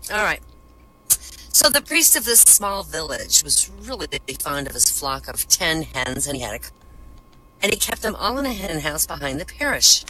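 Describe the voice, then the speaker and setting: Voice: medium pitch, very animated, normal speed, bright, forceful tone, poor audio. A stand-up comedian telling a string of jokes at an open mic in an online voice room, chuckling at the punchlines.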